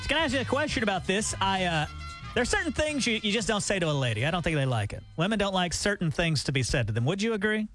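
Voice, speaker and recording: Lively high-pitched radio host man. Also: fast, faint music behind. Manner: animated storyteller, chatty. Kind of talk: casual morning radio banter.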